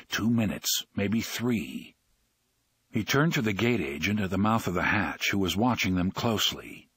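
A man narrating an audiobook in an expressive, dramatic reading. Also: fairly low pitch, breathy edge, no room sound.

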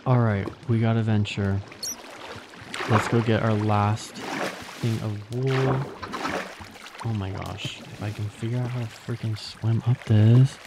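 A young man commentating his own video game play, excitable, gasping and squealing at the animals he finds. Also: fairly low pitch, slow, long pauses, over music. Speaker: gaming channel host. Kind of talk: gameplay commentary.

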